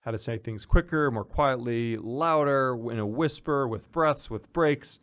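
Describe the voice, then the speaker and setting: A man casually walking through a software tutorial, explaining as he goes with fillers and restarts. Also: mid-range voice, a little slow, smooth. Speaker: instructor. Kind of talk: screen-recorded software tutorial.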